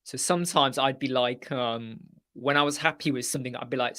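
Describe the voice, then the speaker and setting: Male live-chat host, chatty and jokey, mid-pitched, dry close sound. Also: steady tone, a little fast, fairly bright tone, dry recording. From United Kingdom. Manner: chatty, jokey, answers viewers by name. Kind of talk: casual live-stream chat.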